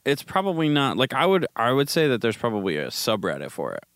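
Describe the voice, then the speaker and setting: A man's voice: mid-range voice, wildly swooping pitch, fast, fairly bright tone, no room sound, studio quality. A man chatting casually and animatedly, swearing freely as he reacts to online posts.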